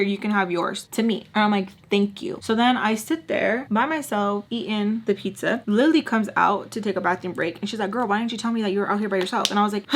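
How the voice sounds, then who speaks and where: Chatty young woman telling a story. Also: medium pitch. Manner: chatty, lots of "like" and "y'all", acts out quotes. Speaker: storytime vlogger. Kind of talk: casual storytelling.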